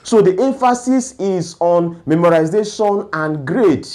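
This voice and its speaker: A man's voice: high-pitched, a little slow, dark tone, slight background noise. A man giving a lecture-style talk on education, asking rhetorical questions and then answering them. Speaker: education speaker.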